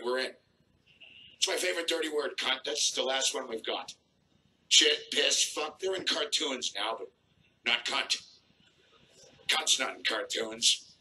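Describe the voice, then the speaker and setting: A middle-aged man doing a crude stand-up set on a live stage, in a gruff, deadpan manner. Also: mid-range voice, poor audio. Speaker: stand-up comedian.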